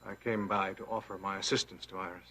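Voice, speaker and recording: An actor playing a smooth, ingratiating businessman in an 1980s TV soap. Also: low-pitched, level tone, quick pace, pushed and bright, slight background noise. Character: smooth scheming businessman called Justin.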